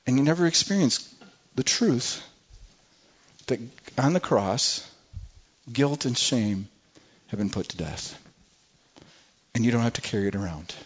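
A man's voice: medium pitch, expressive, unhurried, long pauses, breathy edge. A man preaching a sermon with emphasis, often repeating words as he restarts. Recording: muffled lo-fi recording.

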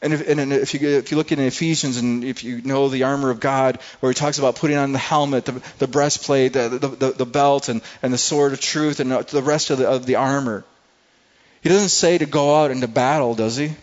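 Male pastor, mid-pitched, earnest sermon delivery with many restarts, slightly muffled recording. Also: fairly even intonation, a little fast. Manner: earnest, repeats words often while searching.

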